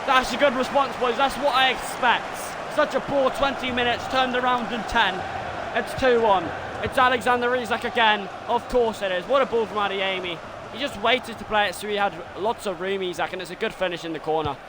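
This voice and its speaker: A young man streaming a football video game, giving his own excitable commentary that swings between frustrated rants and shouted goal calls. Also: sits high, fairly quick, very noisy. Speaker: gaming streamer doing self-commentary.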